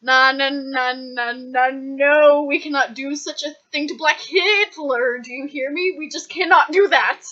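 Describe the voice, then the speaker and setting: A woman's voice: high voice, steady tone, measured pace, few pauses, sharp tone, voice pushed up. A woman doing a melodramatic punk teen. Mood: pleading. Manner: overwrought, dramatic pleading. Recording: dull lo-fi recording.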